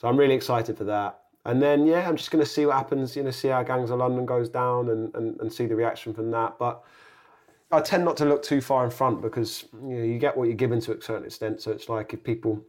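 A young man, an actor, chatting as a guest in a relaxed, rambling way that circles back on itself. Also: medium pitch, fast talker. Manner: laid-back, rambling, self-correcting. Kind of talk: casual interview chat.

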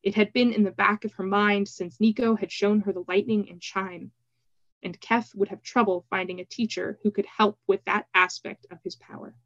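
A woman podcast host reading a novel excerpt aloud in a steady, even voice. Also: mid-range voice, no room sound. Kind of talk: book reading. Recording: slightly dull, dry recording.

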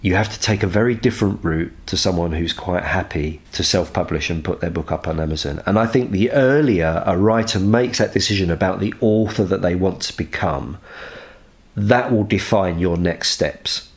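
A man's voice: low-pitched, moderate pace. A man, a publishing consultant, giving earnest advice as a podcast guest. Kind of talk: advice in interview.

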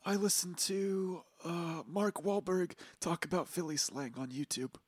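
A man's voice: sits high, measured pace, slightly rough, no room sound. A man playing in a casual tabletop game, eager and joking, often cutting in. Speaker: player.

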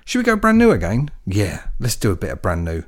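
A man's voice: lowish voice, wildly swooping pitch, a little fast. An English man hosting a radio music show, talking in a chatty, jokey, rambling way with plenty of fillers. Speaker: radio DJ host. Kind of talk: casual radio presenting.

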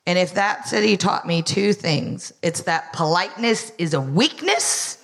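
A woman's voice: fairly low pitch, animated, a little slow, gravelly, fairly bright tone. An American woman in her thirties performing a wry stand-up set, telling a story and acting out quotes in front of a live audience. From United States. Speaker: comedian, co-host.

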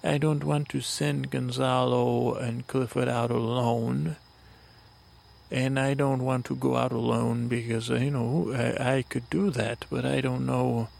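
A man telling a meandering bedtime story for a sleep podcast, his voice deeply gravelly and his delivery slow. he halts, restarts and wanders as he goes. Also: level tone, a little mellow. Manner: halting and rambling, many fillers and restarts. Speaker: podcast host.

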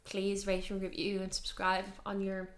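A woman's voice: medium pitch, completely flat delivery, moderate pace, reverberant. A woman co-hosting a movie podcast in casual, rambling chat, swearing freely. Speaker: podcast co-host.

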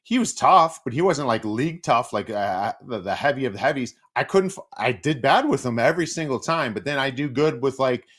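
A middle-aged former hockey player, appearing as a guest, tells stories in casual conversation, acting out quotes with big leaps in pitch. He talks fairly quickly with few pauses and lively intonation, and his voice is a bit bright with a breathy edge.

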